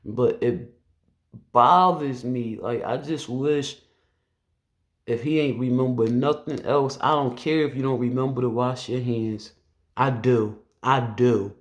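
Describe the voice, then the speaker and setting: A man's voice: medium pitch, steady tone, slow pace. A man who works as a police officer, telling a personal story to camera in an earnest, conversational way with loose phrasing and restarts.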